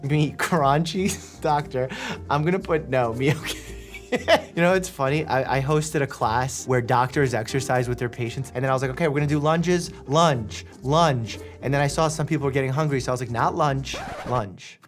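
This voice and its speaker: Jokey doctor reacting to memes. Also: male voice, mid-range voice, faint music behind. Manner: jokey, laughs often, quick asides. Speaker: doctor and YouTuber. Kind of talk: casual meme reaction commentary.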